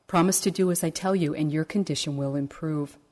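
A wise rabbi gives steady, measured instructions, as a woman storyteller voices him. His voice is low and mellow and carries calm authority. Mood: instructing. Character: calm, wise male rabbi giving advice.

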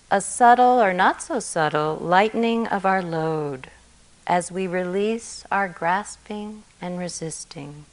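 A woman meditation teacher giving a gentle, reflective dharma talk, often trailing off softly at the ends of phrases. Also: lowish voice, low-quality recording. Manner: gentle and reflective, soft endings.

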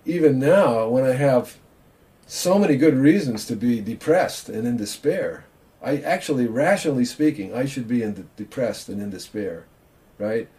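A man's voice: mid-range voice, moderate pace. Older man giving a chatty Zen talk. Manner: chatty, self-mocking, animated asides. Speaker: Zen teacher and author. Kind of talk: informal dharma talk on a video call.

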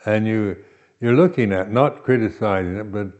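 A man giving a reflective dharma talk as a meditation teacher, pausing often and restarting his phrases. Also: on the low side, darkish tone, lo-fi sound. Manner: slow, reflective, with many pauses and restarts.

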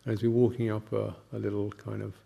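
An older man, a Buddhist monk, giving a gentle, halting reflective talk with anecdotes and soft laughs. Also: on the low side, level tone, creaky.

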